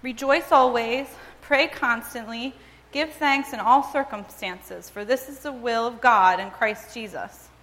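A woman's voice: fairly high pitch, unhurried, a bit bright. A woman voicing an anxious, reluctant younger sister who exclaims and wails in complaint. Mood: fretful. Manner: exclaiming, wailing, grudging. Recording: long reverb, as in a large hall.

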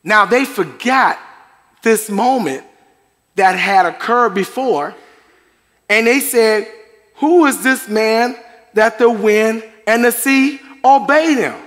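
High-voiced male pastor in a reverberant hall. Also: slow pace, a bit bright. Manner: conversational preaching with chuckles and asides to the congregation. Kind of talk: sermon. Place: church sanctuary.

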